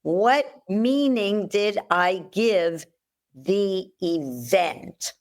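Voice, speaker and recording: A woman's voice: medium pitch, expressive, drawn-out words. A woman guest coach in a podcast interview, talking directly and repeating her key phrases. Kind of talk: conversational interview.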